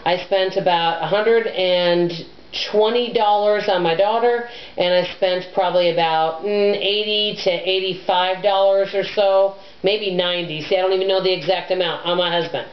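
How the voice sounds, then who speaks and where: Loud, abrasive woman vlogger, echoey room. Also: lowish voice, steady tone, moderate pace. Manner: chatty, rambling, self-deprecating. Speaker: personal finance vlogger. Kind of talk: casual chat to camera. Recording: echoey room, dull lo-fi sound.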